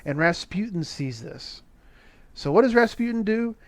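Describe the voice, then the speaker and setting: A middle-aged man casually recapping an old movie on a podcast, sarcastic and profane, with animated asides. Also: sits high, moderate pace, no echo. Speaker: podcast co-host recapping a film. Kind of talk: casual chat.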